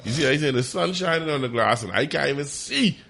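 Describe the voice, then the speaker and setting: A man telling a story in casual chat, animated and profane. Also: fast, gravelly. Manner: animated, profane, jumps high when quoting. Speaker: podcast co-host.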